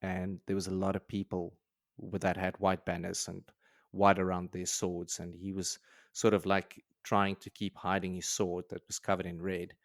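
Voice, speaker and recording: A man with a lowish voice, recorded dry and close. He retells a book chapter loosely in a casual podcast chat, restarting sentences as he goes. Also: completely flat delivery, normal speed, no echo. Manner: rambling retelling with restarts and laughs. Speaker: podcast co-host.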